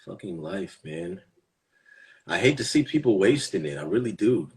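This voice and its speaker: A man in his thirties talking to his viewers in a casual live-stream monologue, profane and boastful, swinging between loud bursts and hushed asides. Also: low voice, very animated, moderate pace.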